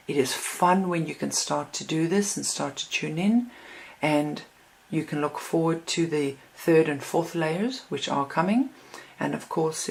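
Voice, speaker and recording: A woman teaching how to read a card deck, in a calm, reflective way, reading sample card readings aloud. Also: sits low, vocal fry. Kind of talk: instructional talk.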